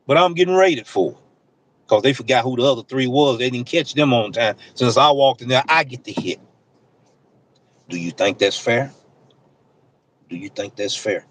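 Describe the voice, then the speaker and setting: A man's voice: medium pitch, rough recording. A man who drives deliveries, talking to viewers on a livestream in passionate, preachy, slang-filled casual speech. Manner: impassioned, preachy, talks straight at the audience.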